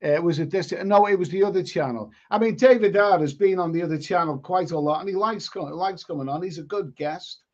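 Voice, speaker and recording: A man's voice: high-pitched, brisk, few pauses, a little mellow. A man hosting a live stream, chatting casually and reading out viewer comments, often stumbling and repeating words. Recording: lo-fi stream audio.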